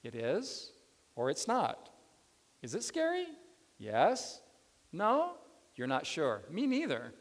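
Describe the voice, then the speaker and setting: A man preaching a sermon as pastor, animated and often putting questions to his listeners. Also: fairly high pitch, slow, pauses often. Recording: long reverb of a hall.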